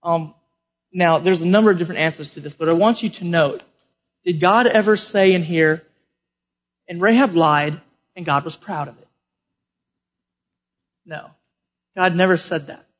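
A man preaching a sermon to a live congregation, swinging from loud emphatic questions to quiet explanation. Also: fairly high pitch, moderate pace, pauses often. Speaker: pastor.

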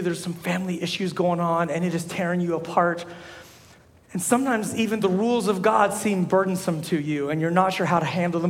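Animated male preacher in an echoey hall. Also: very high-pitched. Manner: animated storytelling, rises to shouts. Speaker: pastor. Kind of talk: sermon.

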